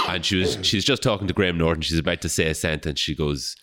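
A man, co-hosting a podcast and telling relaxed anecdotes. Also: low-pitched, fast talker. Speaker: podcast co-host. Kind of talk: casual chat.

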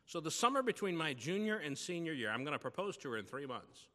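Bright-voiced pastor preaching in a church. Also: male voice, a little high, very animated, fast, long reverb tail. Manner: conversational storytelling preaching. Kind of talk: sermon.

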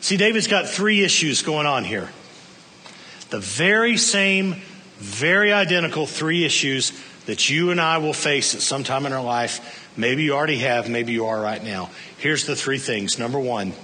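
A man preaching a sermon, telling a story with lively swings between raised, emphatic lines and hushed, low ones. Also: moderate pace, in a large hall, slight background noise. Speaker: pastor.

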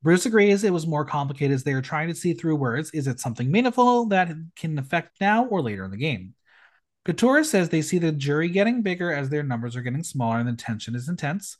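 A man's voice: fairly high pitch, fairly quick. A man hosting a podcast, recapping an episode in casual, sarcastic chat. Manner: sarcastic, animated, recaps the episode and mimics contestants. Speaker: podcast host.

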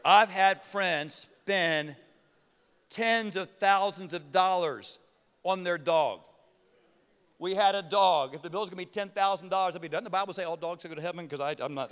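A middle-aged man preaching a sermon as pastor, telling a story with animated outbursts. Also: a little high, a little hiss or hum. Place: church auditorium. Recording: reverberant hall with music.

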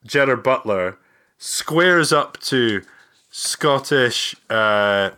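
A man co-hosting a podcast, chatting casually about a film, animated and quick to laugh. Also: mid-range voice, smooth. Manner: animated, slips into jokey impressions and laughs often. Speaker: podcast co-host. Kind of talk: casual film-review chat.

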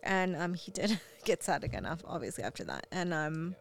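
A woman's voice: on the low side, sing-song, normal speed, gravelly. A young woman and parent, chatting casually and telling a candid story with frequent fillers. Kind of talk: casual chat.

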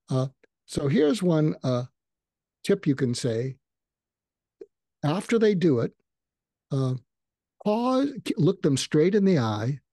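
A man's voice: a little high, dark tone, dry recording, studio quality. An older man, a psychiatrist guest in a podcast interview, explaining advice and acting out sample lines in a raised voice.

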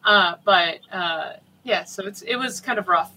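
Woman game master, chatty, voice going hoarse, bright timbre. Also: medium pitch, poor audio. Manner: chatty, with fillers and quick asides. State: losing her voice. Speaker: game master at a role-playing nonprofit. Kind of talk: casual interview chat.

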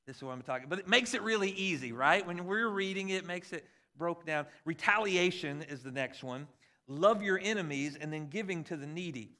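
A man in his forties, a pastor, preaching a conversational and animated sermon with jokes about his kids. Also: on the high side, a little fast. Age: 40s.

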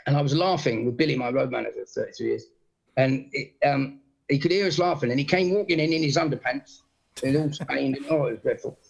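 A man from England, chatting casually and telling animated showbiz anecdotes, acting out the people he quotes. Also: medium pitch, fast talker, vocal fry, husky, poor audio. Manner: animated storyteller, acts out quotes.

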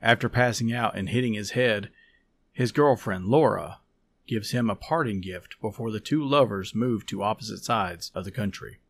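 A man hosting a podcast, reading a story aloud in a calm, measured, soft-spoken way. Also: lowish voice. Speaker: podcast host and story reader. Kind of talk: scripted story narration.

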